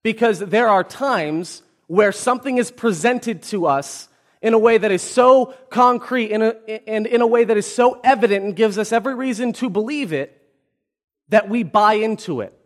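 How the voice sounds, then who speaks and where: A pastor in his twenties delivers a sermon in a voice that sits high, at a moderate pace. He tells personal stories with humor, leaning on self-deprecating jokes.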